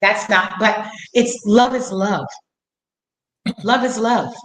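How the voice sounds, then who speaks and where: A woman's voice: a little high, lively intonation, takes it slowly. A woman in her fifties hosting a casual conversation, telling stories animatedly and acting out the dialogue. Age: 50s. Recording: echoey room.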